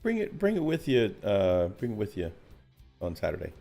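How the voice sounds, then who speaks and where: A man's voice: lowish voice, huge pitch swings, moderate pace, creaky, mellow, faint music behind. A man co-hosting a casual hobby podcast, joking and rambling, often trailing off into a mutter. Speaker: co-host.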